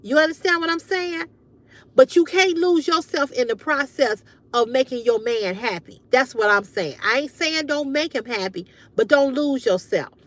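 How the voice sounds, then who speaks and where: A woman's voice: high-pitched, moderate pace, fairly bright tone. A woman hosting a livestream, giving emphatic, frank advice to her viewers in casual chat and swearing freely. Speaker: livestream host.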